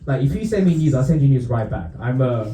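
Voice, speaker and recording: Lively Romanian-born comic in an echoey club. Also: male voice, medium pitch, fast. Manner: laughs often at his own jokes, dry asides. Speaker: stand-up comedian. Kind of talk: stand-up routine. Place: comedy club.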